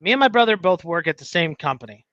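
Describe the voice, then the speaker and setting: Man, podcast co-host, animated storyteller, bright tone, lo-fi recording. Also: on the high side, quick pace, no room sound. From United States. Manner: animated storyteller, acts out quotes. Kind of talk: casual chat, storytelling.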